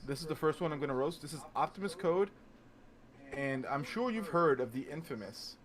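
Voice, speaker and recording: A man's voice: fairly high pitch, expressive, a little fast, crowd noise. A man co-hosting a live stream, chatting casually, repeating words as he starts and trash-talking brashly. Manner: stammering restarts, brash trash talk. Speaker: stream co-host.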